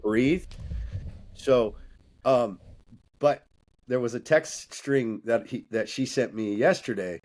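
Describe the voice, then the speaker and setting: A man's voice: mid-range voice, takes it slowly, pauses often, a little mellow. A man speaking as a coaching guest on a podcast, talking bluntly and intensely with profanity and a preaching edge. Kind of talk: candid podcast conversation.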